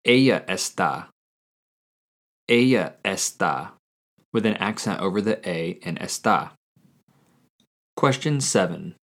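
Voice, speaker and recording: A man hosting a language-learning podcast, reading a quiz and repeating each answer slowly and carefully. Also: fairly low pitch, fairly bright tone. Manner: slow, careful repetition of answers. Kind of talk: scripted language lesson quiz.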